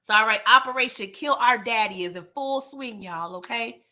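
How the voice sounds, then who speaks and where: A woman's voice: on the high side, moderate pace. A woman hosting a casual live episode recap, talking to her chat and acting out characters' lines. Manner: animated, talks to chat, acts out characters' lines. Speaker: TV show recap host.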